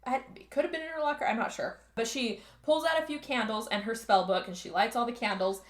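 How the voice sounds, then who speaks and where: A woman's voice: a little high, fast. Rambling woman podcaster, echoey room. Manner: rambling, full of "like" fillers. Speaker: podcast host. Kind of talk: casual chat, movie recap.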